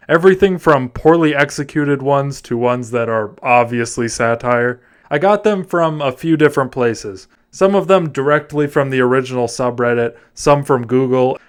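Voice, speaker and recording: Casual, laughing young man reading aloud. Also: medium pitch. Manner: casual, swearing, laughing at what he reads. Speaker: host. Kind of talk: comedic story reading.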